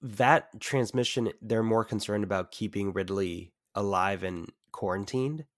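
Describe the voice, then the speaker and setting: A man's voice: lowish voice, a little slow. A man co-hosting a podcast in casual chat, laid-back, swearing and laughing as he talks over favorite scenes. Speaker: podcast co-host. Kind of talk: casual movie recap chat.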